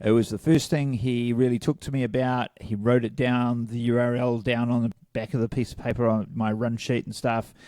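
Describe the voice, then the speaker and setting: A man's voice: medium pitch, little pitch movement, moderate pace, few pauses, mellow, no room sound, studio quality. A man co-hosting a casual podcast, hungover, rambling and self-deprecating, laughing often. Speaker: podcast co-host. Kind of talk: casual chat.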